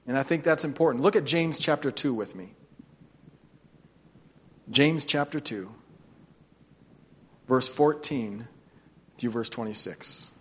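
A man's voice: medium pitch, takes it slowly, long pauses, husky. A man preaching a sermon as pastor, telling stories and calling on the congregation to answer back. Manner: storytelling, calls for congregation responses. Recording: long hall reverb.

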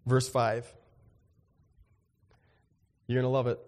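A man preaching a sermon in an animated, joking way, acting out little dialogues with big swings in his voice. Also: mid-range voice, moderate pace, long pauses, long reverb tail. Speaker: pastor.

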